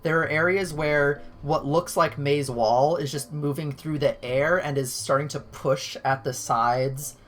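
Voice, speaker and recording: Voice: medium pitch, steady tone, unhurried, few pauses, a bit bright. A game master narrating a tabletop game in a loose, rambling way, often restarting sentences. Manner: rambling, self-correcting restarts.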